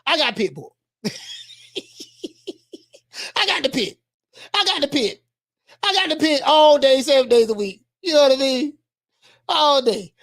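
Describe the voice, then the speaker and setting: A woman doing casual livestream boxing commentary, animated, repeating herself and laughing often. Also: high-pitched, measured pace, long pauses.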